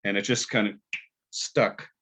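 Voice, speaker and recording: A poet guest telling stories in a rambling, halting way with many fillers, heard on a video call. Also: male voice, on the low side, fairly even intonation, a bit bright, slightly rough. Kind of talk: casual storytelling and poetry reading. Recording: dull lo-fi video call audio.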